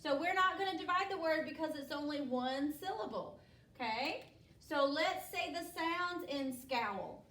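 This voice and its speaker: A woman's voice: high-pitched, lively intonation, a little slow, a bit bright. A woman teacher leading a spelling lesson, patient and instructive, checking in with "okay?" after each step. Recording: echoey room, voice from a distance.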